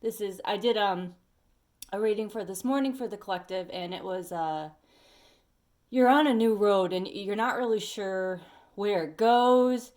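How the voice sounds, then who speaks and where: A woman at home giving a casual tarot reading to her viewers, chatty and animated, talking straight to the listener. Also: mid-range voice, a little slow. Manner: sings snatches of songs and talks to bugs. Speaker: tarot reader. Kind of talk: casual weekly energy reading.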